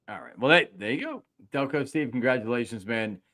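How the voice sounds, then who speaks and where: A man's voice: mid-range voice, expressive, fairly quick, sharp tone. A middle-aged man, hosting a casual sports talk show and getting worked up as he acts out his own reactions. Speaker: podcast host.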